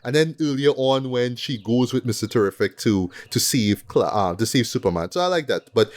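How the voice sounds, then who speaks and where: Guy hosting a movie podcast, lively, keeps saying right? and boy. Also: medium pitch, normal speed. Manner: animated, repeats himself, tag questions. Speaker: podcast host. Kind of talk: casual movie review chat.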